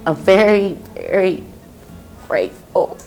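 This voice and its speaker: A middle-aged woman giving an emotional personal testimony, halting and pausing often. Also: on the low side, huge pitch swings, creaky, darkish tone, soft background music. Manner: emotional, halting, with many pauses. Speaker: testimony speaker.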